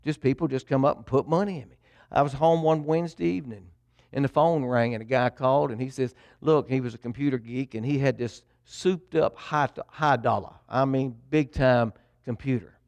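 A middle-aged preacher, a man chatting through a personal testimony in an easygoing, folksy way. His voice sits at an ordinary pitch for a man and sounds dry and close, with no room around it. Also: steady tone, normal speed, creaky, darkish tone, no room sound. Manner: folksy storytelling, addresses congregation. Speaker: pastor. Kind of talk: sermon testimony.

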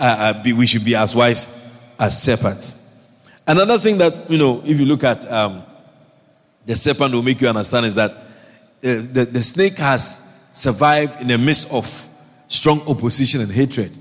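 A man preaching a sermon, animated and repetitive, often asking the congregation questions. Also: medium pitch. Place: church hall. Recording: long hall reverb.

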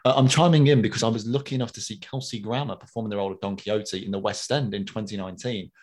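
A man's voice: lowish voice, very fast, a little mellow. A man co-hosting a podcast, chatting casually and reading out listener messages in a playful, self-deprecating way. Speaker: podcast co-host.

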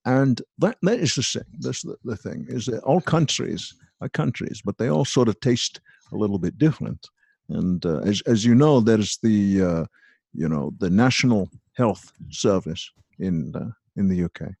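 In a podcast chat, a man does a comedic impression of a crude, boastful aging male film star, rambling through profane rants. The performance is heavily acted, with a gravelly, husky, fairly low, expressive voice, a darkish tone and normal speed, in a dry recording.

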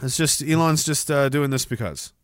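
A man's voice: fairly high pitch, moderate pace, no echo, studio quality. A man hosting a podcast, ranting in a sneering, mocking way. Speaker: podcast host. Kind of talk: ranting commentary.

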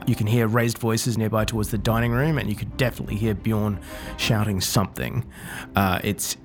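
A man narrating a tabletop game as game master, relaxed, with quick asides. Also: on the low side, faint music behind.

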